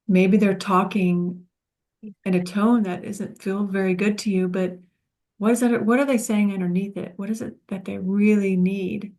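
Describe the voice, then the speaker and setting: A woman leading a spiritual self-help class, speaking in a gentle, soothing, reflective way. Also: medium pitch, fairly even intonation, normal speed. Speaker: course facilitator.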